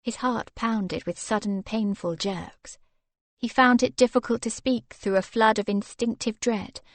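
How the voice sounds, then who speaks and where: A woman's voice: a little high, measured pace, no room sound. Woman reading a romance audiobook. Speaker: audiobook narrator. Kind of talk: scripted narration.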